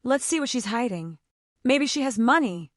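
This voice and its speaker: A cold, scheming mother-in-law, read by a woman narrator. The voice is a bit high with lively movement, and the sound is dry and close. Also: normal speed, no room sound, natural voice.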